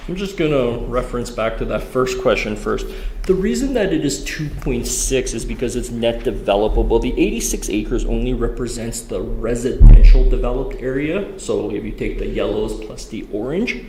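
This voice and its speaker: A man presenting a development plan to a town council, walking through the numbers in a measured way. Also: medium pitch, darkish tone, a little hiss or hum. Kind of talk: explaining figures to council. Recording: echoey chamber.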